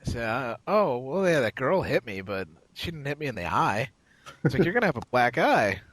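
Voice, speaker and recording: Very animated and fairly quick, this mid-range, fairly bright male voice belongs to a podcast co-host spinning a meandering, foul-mouthed anecdote. He voices the other characters as he chats casually; the audio is poor, with no echo.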